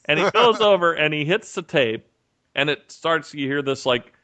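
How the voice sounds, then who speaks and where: A man's voice: fairly high pitch, normal speed. A man co-hosting a podcast over a remote call, telling a story in casual chat and acting out the lines of the people in it. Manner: animated storyteller, acts out quotes. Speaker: podcast co-host. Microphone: remote call mic.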